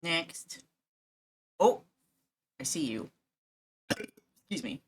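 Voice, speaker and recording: Against a noisy background, a woman streams herself drawing and chats in a casual, rambling way, often giggling and mocking herself. Her voice is low-pitched and animated yet very slow.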